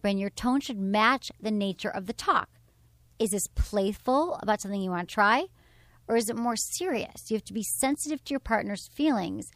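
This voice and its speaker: Her voice is fairly high, captured in a dry recording. She hosts a sex and dating advice talk show, chatting casually with frank, animated energy and reading from her blog.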